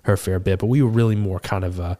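A man playing a seasoned male tortle cleric, telling a rambling, animated, self-deprecating tavern tale in a tabletop game. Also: low-pitched, quick pace, lightly acted. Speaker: player. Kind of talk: in-character tavern storytelling.

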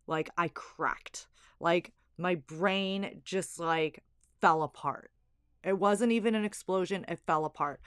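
A woman's voice: lowish voice, fairly bright tone, smooth, no room sound, studio quality. A young woman, a stay-at-home mom, candidly telling a personal story with lots of fillers. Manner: candid, emotional, filler-heavy.

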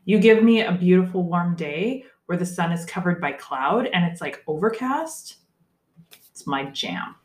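A woman's voice: lowish voice, animated, a little slow, echoey room. A young woman co-hosting a casual chat, talking with lots of fillers and drifting off topic. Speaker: podcast co-host.

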